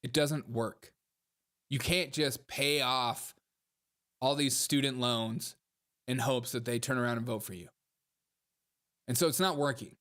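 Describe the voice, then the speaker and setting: A man talks casually on a livestream, reacting to comments and clips as the host. He is sarcastic and mocking, and animated as he goes. His voice sits at an everyday middle pitch. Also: unhurried, pauses often.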